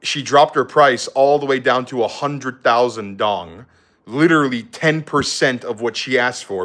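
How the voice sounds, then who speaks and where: A man's voice: medium pitch, a bit bright. A young man, a travel vlogger, telling a rambling casual story from a hotel room, full of fillers and quoted voices.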